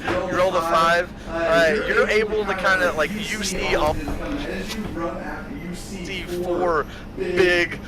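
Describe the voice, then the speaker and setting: A man narrating as game master of a tabletop game, halting often with fillers and restarts. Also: high-pitched, fairly even intonation, a loud crowd, low-quality recording.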